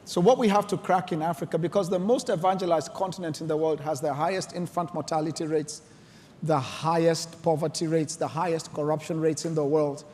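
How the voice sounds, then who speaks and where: A man's voice: on the high side, steady tone, a little fast, a little mellow, a little hiss or hum. A man giving an earnest conference talk, telling stories and building to emotional points. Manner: earnest, storytelling, emotional emphasis. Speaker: conference speaker. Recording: long hall reverb.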